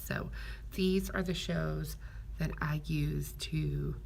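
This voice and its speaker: A young adult woman vlogger chatting casually to her viewers in a soft, half-whispered, relaxed way. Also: sits low, takes it slowly, creaky, a little hiss or hum. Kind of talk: casual chat.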